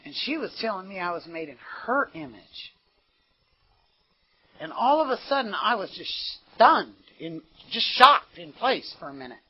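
A woman's voice: medium pitch, very animated, normal speed, husky. An American woman giving an earnest, conversational recovery testimony at a meeting, often saying "you know". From United States. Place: meeting room. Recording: dull lo-fi meeting tape.

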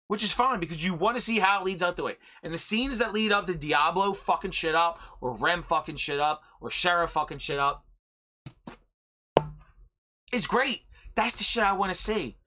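A young man hosting a podcast, chatting casually and rambling excitably about an anime, swearing freely. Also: high-pitched, normal speed. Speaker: podcast host. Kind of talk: casual anime review chat.

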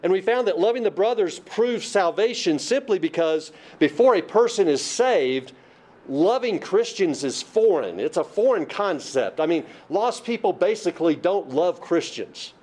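A male preacher delivering a Bible-study sermon in a slightly higher-than-usual voice. He drives his points home by repeating key phrases, then asks questions aloud and answers them himself. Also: lively intonation, moderate pace, darkish tone.

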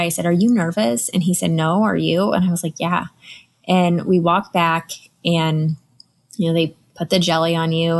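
A woman in her thirties hosts a podcast and talks through a personal story in an unscripted, conversational way. Her voice sits a little low, and she fills her pauses with "um" and "like" while her emotion shows. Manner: conversational, emotional, with frequent fillers. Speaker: podcast host.

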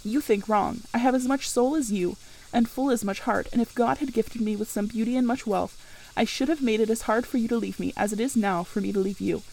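Impassioned young governess, proud and earnest, read by a woman in a storybook reading, voice a touch high. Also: fairly quick, vocal fry, darkish tone, rough recording.

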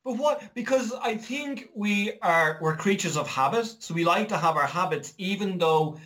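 Irish man, slightly high voice, lively storyteller for a casual chat. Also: moderate pace. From Ireland. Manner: animated storyteller, acts out quoted voices.

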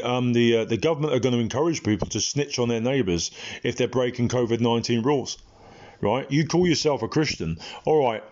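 A man's voice: mid-range voice, darkish tone, muffled recording. A British man preaching an informal online sermon in an impassioned, blunt, conversational way, with frequent ums. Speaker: Christian preacher.

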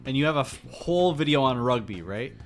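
A man's voice: mid-range voice, expressive, fast talker, soft background music. A man co-hosting a podcast in casual chat, mostly giving short agreeing replies. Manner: brief agreeing replies, laughs along. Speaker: podcast co-host.

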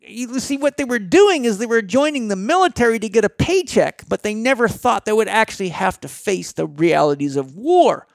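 Middle-aged male guest, blunt lecturing delivery, gravelly high voice. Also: animated, moderate pace, few pauses, dry recording, studio quality. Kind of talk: motivational talk.

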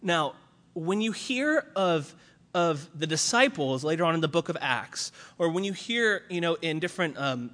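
A man preaching a conversational sermon, casual and animated with many fillers. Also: fairly high pitch, moderate pace, long reverb tail.

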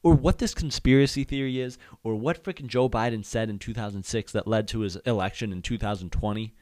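A man's voice: on the low side, brisk, darkish tone, no room sound. A young man hosting a podcast, rambling through a casual comedic monologue, hyped up and swapping silly words in for swears. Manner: hyped, rambling, self-censoring with silly substitutes. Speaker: podcast host.

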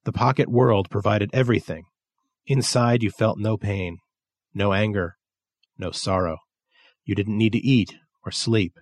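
Casting: male narrator, low voice, dry close sound, steady measured story reading. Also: no echo. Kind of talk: scripted narration.

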